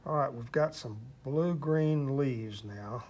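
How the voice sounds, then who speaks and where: This older artist from Texas talks slowly in a medium-pitched, darkish voice with a Texan accent. In a casual interview about his painting, he wanders off topic and is self-deprecating.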